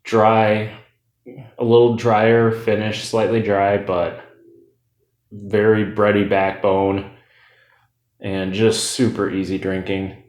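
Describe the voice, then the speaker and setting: A man with a lowish voice talks through a beer review in a loose, rambling way. He fills gaps with "like" and "you know" and keeps drifting off topic. The room around him is noticeably echoey. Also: level tone, takes it slowly, pauses often, darkish tone. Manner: loose and chatty, rambles off on tangents with fillers.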